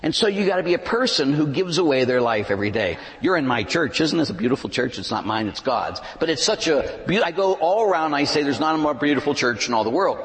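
A man preaching a sermon as a pastor, swinging between loud emphatic lines and hushed asides. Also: fairly high pitch, expressive, quick pace, few pauses. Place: large church. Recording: long church reverb.

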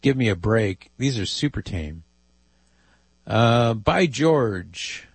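A man's voice: medium pitch, expressive, slow, vocal fry, breathy edge, dry recording. A man hosting a call-in radio show, reading listener emails aloud with amused asides. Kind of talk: casual call-in radio talk.

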